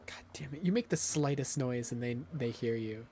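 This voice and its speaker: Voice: medium pitch, moderate pace, mellow, slight background noise. A streamer giving casual live commentary on a game, swearing freely, joking with chat and ranting at the game's mechanics.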